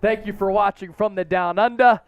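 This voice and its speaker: A man hosting a live sports draft stream, talking straight to his chat in an excitable, casual way. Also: high-pitched, moderate pace, clear, resonant tone, no room sound, narrow, tinny audio. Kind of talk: live-stream commentary, chatting with viewers.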